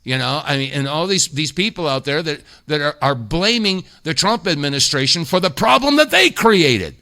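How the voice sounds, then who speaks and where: A man's voice: fairly high pitch, lively intonation, moderate pace, sharp tone. A man hosting a talk radio show, delivering indignant, emphatic commentary full of rhetorical questions. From United States.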